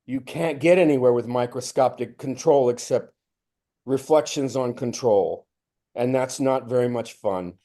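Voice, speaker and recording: A man's voice: measured pace, mellow. Man giving a reflective spiritual talk. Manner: acts out his own inner voices, rising to a strained high pitch. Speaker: spiritual teacher.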